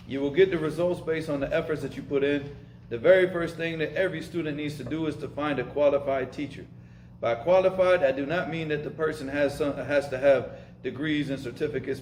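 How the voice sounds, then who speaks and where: A man teaching Arabic and Islamic studies gives an informal lesson with live questions, speaking casually and emphatically, repeating himself and mixing in Arabic terms. His medium-pitched voice is a little mellow, heard in an echoey room with slight background noise and poor audio.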